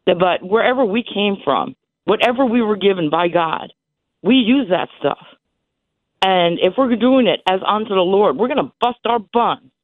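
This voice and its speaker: Her medium-pitched, expressive voice moves at a moderate pace as she talks on a call-in radio show. She's a woman in her sixties, emotional and insistent, repeating herself while her voice breaks. She's heard over a tinny telephone with no room sound.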